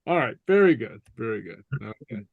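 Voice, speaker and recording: A man's voice: medium pitch, very animated, fairly quick, creaky, slightly rough, phone-quality sound. Patient man drilling vocabulary, dry sound. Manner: patient, repeats words for students to echo, many fillers. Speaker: language teacher. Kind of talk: online class, drilling vocabulary. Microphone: computer mic on a video call.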